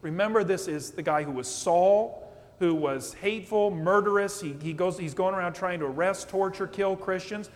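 A man preaching a sermon as pastor, animated and conversational, often checking in with "okay?". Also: sits high, moderate pace. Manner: animated preaching, acts out quotes, asks "okay?". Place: church sanctuary. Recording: long church reverb.

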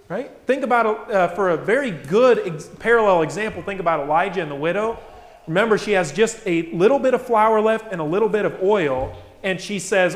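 Male preacher, higher register, animated sermon delivery with rhetorical questions, recorded with heavy church reverb. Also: a little fast. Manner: animated, acts out the voices of people in the stories; asks the congregation many rhetorical questions. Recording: echoey church hall.

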